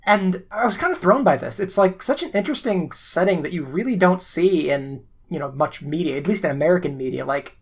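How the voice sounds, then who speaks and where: Chatty podcast co-host, mid-pitched voice. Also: animated, brisk, hardly any pauses, husky. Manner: chatty, many fillers and laughs. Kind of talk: casual podcast discussion.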